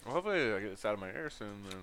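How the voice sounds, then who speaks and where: Blunt male co-host, low voice, quick offhand delivery, chewing chips while talking. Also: sing-song, fairly bright tone, slight background noise. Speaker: podcast co-host. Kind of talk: casual chat.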